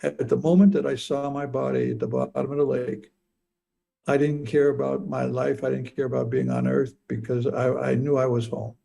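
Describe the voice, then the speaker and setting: Older man, gravelly and dark, halting personal storytelling with frequent repeats. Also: mid-range voice. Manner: halting, repeats words, stammers. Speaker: speaker telling a near-death experience.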